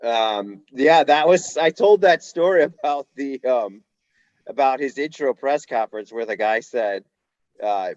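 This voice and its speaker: A man co-hosting a casual podcast, telling stories in an animated way and acting out quotes. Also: medium pitch, normal speed, dry recording, lo-fi sound. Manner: animated storyteller, acts out quotes. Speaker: podcast co-host.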